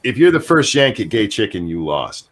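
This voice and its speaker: A man's voice: on the low side, big pitch swings, moderate pace, a crowd in the background. A man hosting a stream, chatting casually in a teasing way and laughing easily. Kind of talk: casual chat.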